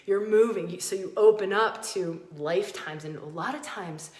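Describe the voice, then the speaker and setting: Her voice is mid-range and a little mellow, her pace moderate, and the room echoes around her. This podcast host gives a fervent spiritual teaching talk, driving points home by repeating phrases.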